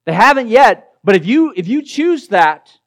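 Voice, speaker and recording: Emphatic high-voiced male preacher. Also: sing-song, a little slow. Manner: emphatic, repeats words when stressing a point, drops to a quiet low voice for key verses. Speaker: pastor. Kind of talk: expository sermon.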